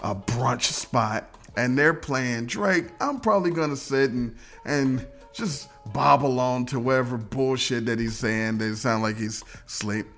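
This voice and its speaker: A man's voice: mid-range voice, unhurried, hardly any pauses, fairly bright tone, faint music behind. A man talking as a podcast guest in casual chat, ranting animatedly with lots of swearing and mimicking other people mid-story.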